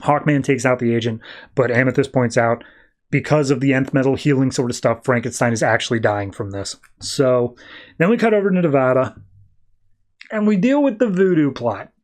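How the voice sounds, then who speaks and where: A man's voice: medium pitch, moderate pace. A man hosting a podcast, recapping a comic issue in a rambling, casual way. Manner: rambling, slips into quoted voices. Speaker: podcast host.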